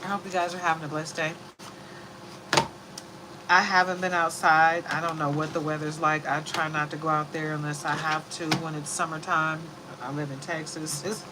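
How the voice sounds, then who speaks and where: A woman's voice: low-pitched, noisy background. A woman giving a casual, rambling zodiac reading who laughs easily. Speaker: tarot reader.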